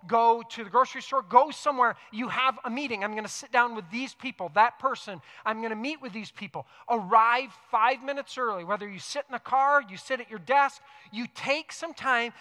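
A man preaching a sermon earnestly, repeating key phrases for emphasis and dropping into soft, reflective tones. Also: very high-pitched, in a large hall. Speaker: pastor. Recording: music playing underneath.

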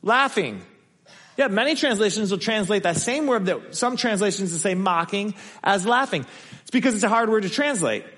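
A man with a slightly high voice preaches to his congregation in a relaxed, conversational way, now and then slipping into the voices of the people he quotes. The sound rings out with a long hall reverb. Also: moderate pace. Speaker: pastor. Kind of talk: sermon.

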